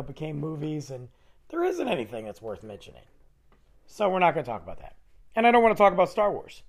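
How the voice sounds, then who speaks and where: A man hosting a solo podcast, talking in a rambling, animated way while losing his voice, which sounds nasal. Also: fairly high pitch, creaky. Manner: rambling, animated, restarting sentences. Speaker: podcast host. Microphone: close studio microphone.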